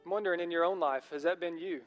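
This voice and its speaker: An earnest male pastor preaches, his somewhat high voice ringing with the long reverb of a large church hall. He encourages his listeners and keeps turning to them with questions. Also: quick pace, faint music behind. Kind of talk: sermon.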